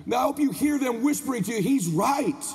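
A motivational speaker on a convention stage delivers a fiery, preachy address, firing questions at the crowd. His voice is very high-pitched, gravelly and brisk with lively intonation, and the convention hall adds a long reverb.

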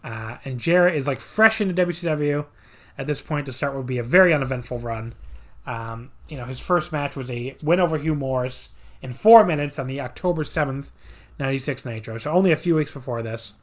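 A podcast host chatting casually through a wrestling match recap, full of sarcastic asides and filler words. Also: male voice, mid-range voice, a little fast. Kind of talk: casual wrestling review chat.

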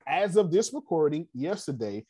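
A man leading a class in a casual, animated way, telling stories and talking straight to his audience. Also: a little high, normal speed, slightly rough. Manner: animated, digressive, addresses the audience directly. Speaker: class leader. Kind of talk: casual teaching and storytelling.

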